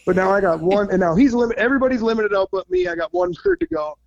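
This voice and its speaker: A high-pitched man in his thirties, from Minnesota, spins hunting-guide stories in loose, casual talk. He gets excitable, swears freely and breaks into laughter mid-sentence. The recording sounds muffled and lo-fi. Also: quick pace, gravelly. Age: 30s. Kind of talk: casual storytelling.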